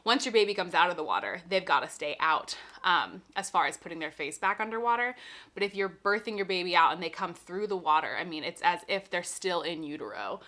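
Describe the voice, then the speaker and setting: A woman's voice: fairly low pitch, lively intonation, a little fast, bright, forceful tone. A young pregnant woman, a little out of breath, casually explaining and reassuring as she answers viewer questions.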